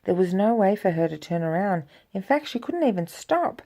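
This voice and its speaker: A woman reading a children's storybook aloud to a child, with lively, expressive delivery and spoken sound effects. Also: medium pitch, normal speed.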